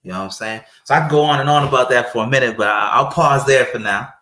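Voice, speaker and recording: Guy telling marriage stories, pretty lively, acts out what people say, roomy echoey sound. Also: medium pitch, fast. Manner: animated storyteller, acts out quoted speech. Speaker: guest speaker on marriage. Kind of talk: casual conversational preaching. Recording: roomy echo.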